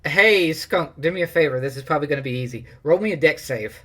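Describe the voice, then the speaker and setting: A man's voice: on the high side, fast talker, fairly bright tone. Man running a tabletop game. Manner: rambling, laughing, many fillers. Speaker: game master.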